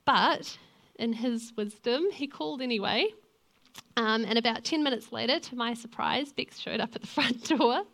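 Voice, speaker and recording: A young woman delivers a church sermon. Her voice sits slightly higher than most women's. She keeps it earnest and conversational, as though talking to friends in the pews. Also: moderate pace, a bit bright. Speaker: lay preacher and youth leader. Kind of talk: sermon with personal stories.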